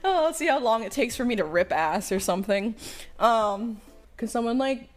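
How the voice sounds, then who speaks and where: A woman's voice: a little high, lively intonation, moderate pace. A woman streamer in casual livestream chat who burps between lines, giggles a lot and swears casually.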